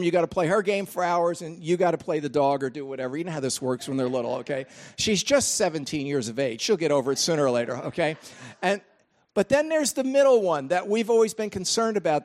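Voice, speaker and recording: An older man preaching a sermon, animated and emphatic, with chatty asides about his grandchildren. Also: high-pitched. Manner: animated, rising to emphatic peaks then dropping to asides. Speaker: pastor.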